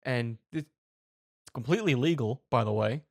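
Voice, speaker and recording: A man hosting a comedy commentary show, telling a rambling, animated story. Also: mid-range voice, normal speed, no room sound, studio quality. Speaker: show host.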